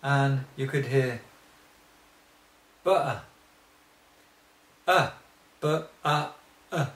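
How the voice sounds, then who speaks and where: A man teaching a spoken lesson, talking slowly and haltingly, often restarting and clearing his throat. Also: medium pitch, fairly even intonation, a bit bright, roomy sound. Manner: slow and hesitant, frequent restarts and throat clearing.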